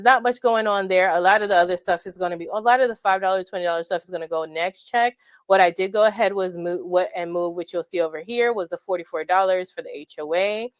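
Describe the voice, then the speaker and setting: A woman's voice: mid-range voice, no room sound. Chatty woman, y'all-heavy. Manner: chatty, animated, addresses viewers as y'all. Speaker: budgeting vlogger. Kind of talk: casual budget walkthrough. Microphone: clip-on mic.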